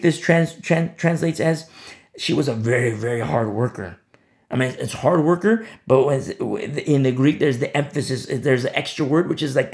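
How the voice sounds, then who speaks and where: Male pastor, gravelly and a touch high-pitched, impassioned sermon delivery with repetition and swings in volume. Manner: impassioned, repeats words for emphasis, swings between loud and hushed. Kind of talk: expository sermon.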